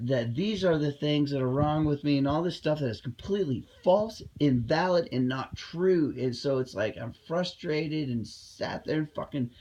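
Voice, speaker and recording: A man's voice: fairly high pitch, mellow, dull audio. A man talking in a casual vlog monologue, rambling and heated, with many fillers and restarts, recorded at home. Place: at home indoors.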